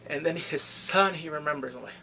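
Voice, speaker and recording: Guy recapping a movie, gets real animated, kinda high gravelly voice. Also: a little fast, slight background noise. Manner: animated, reacts with exclamations and gasps. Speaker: movie reviewer.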